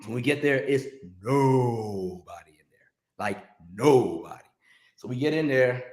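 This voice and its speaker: Middle-aged man telling a lively story in a roomy space. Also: mid-range voice, unhurried. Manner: animated storyteller acting out quotes. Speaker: music industry guest telling stories. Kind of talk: casual storytelling chat.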